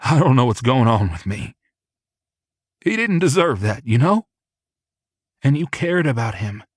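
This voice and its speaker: A man reading aloud and voicing an emotional young man who speaks in a halting, upset way, in an audiobook. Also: mid-range voice, big pitch swings, breathy edge, no echo, clean studio sound, voice pushed up. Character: young man, emotional, tender, shaken boyfriend. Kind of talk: audiobook character voice.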